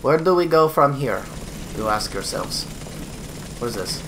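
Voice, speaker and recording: A man giving let's play commentary on a horror game, swearing and yelling taunts at the enemy. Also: mid-range voice, expressive, a little slow, background noise. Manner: profane, yells taunts at the enemy. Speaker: gaming video host.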